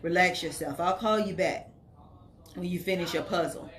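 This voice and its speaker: Woman doing James, a deep, teasing fiancé. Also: normal speed, a bit bright, natural voice. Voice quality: baritone. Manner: teasing, joking. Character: deep-voiced male fiancé with a slight drawl.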